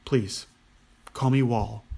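A man voicing a big, clumsy male ogre who wears glasses and speaks loudly. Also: mid-range voice, fairly even intonation, takes it slowly, vocal fry, breathy edge, heavily acted. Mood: calm. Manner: loud, defensive.

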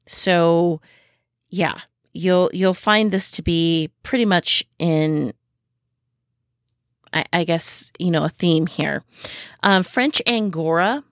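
Slow, low-voiced woman podcast host. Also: no room sound, studio quality. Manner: unhurried, with many pauses and fillers; speaks from personal homestead experience. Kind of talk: casual informative podcast talk.

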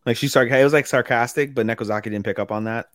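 Man, podcast co-host, casual rambling recap, mid-pitched voice, dry close sound. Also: fairly even intonation, fast, a bit bright, no echo. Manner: rambling, many fillers, acts out characters' lines. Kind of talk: casual chat recapping anime episodes.

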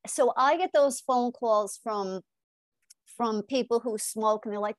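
Speaking fairly high and full of energy, this middle-aged hypnotist is a guest on a podcast interview, animatedly performing the dialogue in her stories and often tossing in a quick "right?". Captured close and dry, the audio has no echo or room sound at all.

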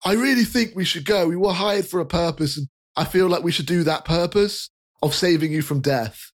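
A man's voice: high-pitched, moderate pace, pitched above the performer's own voice. Man doing a chatty rotund rosy-cheeked fellow. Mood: eager. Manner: chatty, apologetic, eager.

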